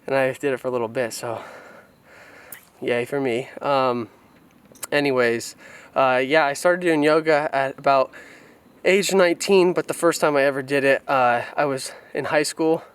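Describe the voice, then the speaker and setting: A man's voice: medium pitch, fairly even intonation, normal speed, clean tone. A young man from California, vlogging outdoors and recalling his past in a candid, reflective way on a handheld camera mic. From California, USA. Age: young adult. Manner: reflective, open and unguarded. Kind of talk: candid personal storytelling. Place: outdoors on a rural family property. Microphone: camera mic on a handheld tripod.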